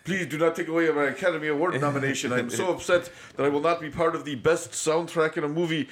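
A whiny, self-pitying oligarch pleading to keep his award nomination, as a podcast host puts him on. The voice comes out raised, louder and quicker than the man's own talk. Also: on the high side, lightly acted. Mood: whining.

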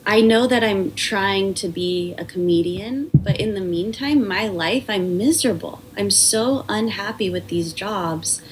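A woman's voice: mid-range voice, measured pace, few pauses, a little hiss or hum, low-quality recording. A woman comedian, a podcast guest, telling stories in a chatty way with lots of fillers and restarts. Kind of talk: casual podcast conversation.

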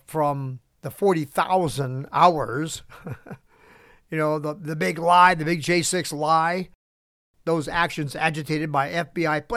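A man's voice: fairly high pitch, no room sound, studio quality. A middle-aged man hosting a podcast, reading out an opinion monologue with asides and chuckles. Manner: reads prepared remarks with asides and chuckles. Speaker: podcast host.

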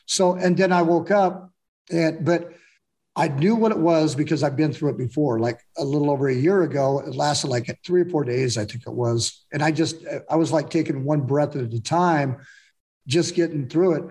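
A man speaking reflectively in a candid, casual conversation, often pausing and restarting. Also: on the high side, warm tone.

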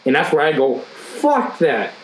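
Brief: young working man, foul-mouthed and blunt, slightly high voice, roomy sound with faint hiss. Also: big pitch swings, moderate pace. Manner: heavy swearing, blunt and heated. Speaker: factory worker. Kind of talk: casual chat.

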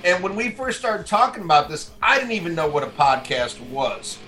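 A man's voice: high voice, big pitch swings, moderate pace, bright, forceful tone, faint music behind. A man from New Orleans co-hosting a podcast, rambling and enthusiastic with many fillers. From New Orleans, USA. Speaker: podcast co-host. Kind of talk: casual podcast banter.

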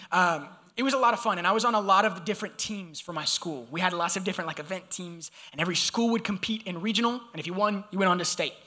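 Young male preacher, high and bright tone, lively storyteller who speaks straight to the room. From Georgia, US. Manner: animated, conversational, addresses audience directly. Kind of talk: sermon with personal storytelling.

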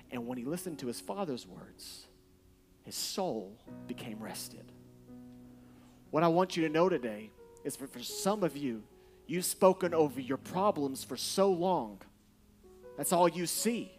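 A man preaching a sermon as pastor, moving between loud, forceful declarations and quiet, hushed storytelling about his family. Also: mid-range voice, lively intonation, moderate pace, faint music behind.

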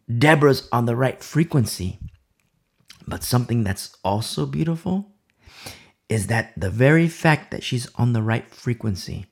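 A man preaching a Bible sermon with passion, dropping to hushed asides and repeating phrases for effect. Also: mid-range voice, vocal fry, breathy edge. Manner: impassioned, swings between loud emphasis and hushed asides.

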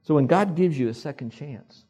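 Man preaching casual-like, husky voice, keeps asking the crowd to repeat stuff. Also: fairly high pitch, animated, moderate pace, mellow, faint music behind. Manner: conversational preaching with audience call-and-response. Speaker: pastor. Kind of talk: sermon.

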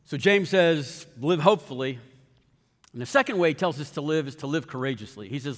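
A man preaching a sermon as pastor, earnest and animated, telling stories with quoted voices. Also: on the high side, brisk. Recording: long hall reverb.

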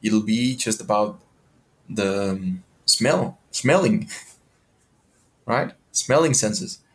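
A man with a low-pitched voice hosts a podcast in an animated, questioning way. His motivational monologue is peppered with casual swearing. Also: very slow.

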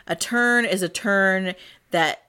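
A woman's voice: mid-range voice, slow, pushed and bright, clean tone. Chatty woman podcast co-host. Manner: chatty, rambling, laughs often. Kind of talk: casual chat.

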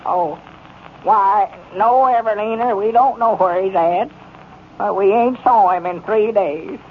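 Fretful country storekeeper, rural Arkansas drawl, high voice, halting speech, muffled 1930s radio play. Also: male voice. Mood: on the phone. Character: worried, simple-hearted country storekeeper, male. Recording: muffled 1930s radio broadcast with faint hiss.

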